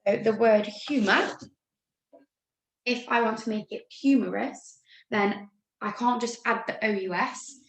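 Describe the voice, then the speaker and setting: A woman's voice: on the high side, fairly even intonation. Upbeat English woman teaching spelling, echoey. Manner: upbeat, talks slowly through spelling rules. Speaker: primary school teacher. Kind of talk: remote spelling lesson.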